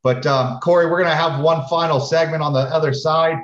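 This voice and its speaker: A man's voice: fairly high pitch, steady tone, a little fast. A man hosting a podcast in a loose, conversational way, leading into segments with plenty of fillers. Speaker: podcast host. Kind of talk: casual podcast chat. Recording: dull, roomy remote audio.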